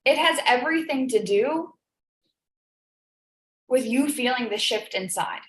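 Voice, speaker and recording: Her voice sits high, with lively intonation and a slightly slow pace. In an echoey room, she hosts a live business coaching stream, delivering an emotional, earnest motivational talk that repeats phrases to drive points home.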